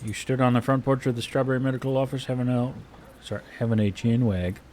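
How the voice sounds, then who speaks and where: A man's voice: medium pitch, steady tone, fast, darkish tone, slight background noise. Man rambling in western roleplay. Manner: rambling, hesitant, friendly, many fillers. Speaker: frontier healer character. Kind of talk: in-character western roleplay chat.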